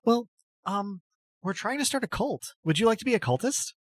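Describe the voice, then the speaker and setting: A man doing a timid, high-voiced noble lady. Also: animated, no room sound. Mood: nervous, polite. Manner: hesitant, halting with ums. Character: timid, polite young noblewoman goddess.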